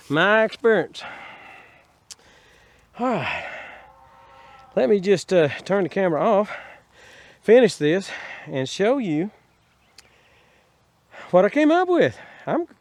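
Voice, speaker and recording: A middle-aged Texan man with a slightly high, slightly mellow voice chats folksily outdoors, over a little hiss or hum. A gardening vlogger, he digs and shows off his harvest, rambling, chuckling as he talks, and sounding a little winded.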